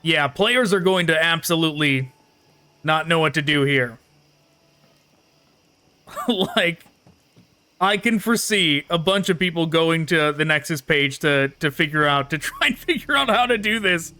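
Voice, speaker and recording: A man's voice: fairly high pitch, expressive, measured pace, pauses often, bright, forceful tone, clear, resonant tone. A man hosting a gaming channel, chatting casually and laughing as he critiques a game while playing it. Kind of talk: casual gameplay commentary.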